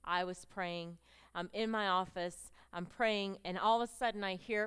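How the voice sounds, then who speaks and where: A woman's voice: mid-range voice, fairly even intonation, moderate pace, fairly bright tone, smooth. A middle-aged woman giving a personal testimony to a women's gathering on stage, telling her story with feeling and acting out the dialogue. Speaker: speaker addressing a women's gathering. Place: stage presentation with slides.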